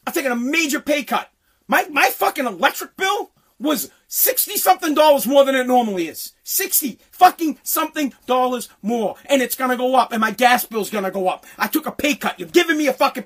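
A man ranting angrily, swearing constantly and often breaking into shouts. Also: very high-pitched, animated, a little fast, husky. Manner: profane, heated, often shouting. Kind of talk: angry political rant.

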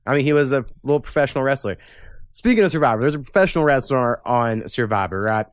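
A man's voice: medium pitch, lively intonation, quick pace, no echo, clean studio sound. A man hosting a podcast in casual chat, rambling, cursing and laughing often. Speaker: podcast host.

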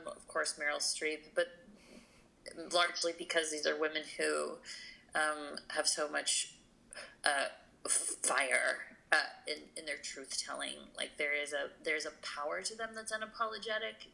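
A woman's voice: sits low, creaky, bright, forceful tone, low-quality recording. A woman guest on a podcast, talking earnestly and emotionally, with lots of fillers and restarts. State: tearful. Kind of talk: conversational interview.

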